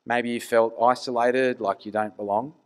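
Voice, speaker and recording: A man's voice: medium pitch, fairly even intonation, normal speed, clean tone. A man preaching a conversational sermon, earnest and full of rhetorical questions.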